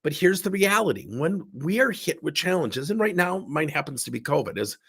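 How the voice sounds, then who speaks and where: A man's voice: a little high, sing-song, normal speed, gravelly, a bit bright, slightly rough. A man coaching in a recorded workshop talk, sick with a strained voice, speaking in an emphatic, candid way while seated indoors. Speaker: business coach.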